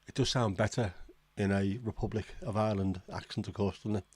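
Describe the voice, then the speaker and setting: A man's voice: on the low side, steady tone, a little fast, darkish tone, slightly rough, no room sound. A man hosting a casual livestream, reading out viewer comments and reacting with blunt, swearing disbelief. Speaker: livestream host.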